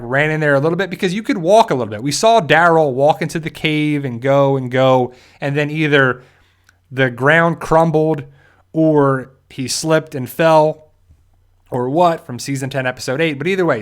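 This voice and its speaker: A man hosting a live-stream review, talking in a loose, conversational way with frequent asides and restarts. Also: a little high. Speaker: host of a TV fan channel.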